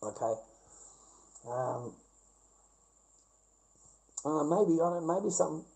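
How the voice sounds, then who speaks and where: A man's voice: a little high, lively intonation, slow pace, gravelly, dark tone, low-quality recording. An Australian man in a rambling casual livestream chat with viewers, blunt and profane, ranting and laughing things off, speaking into a webcam in front of his screen.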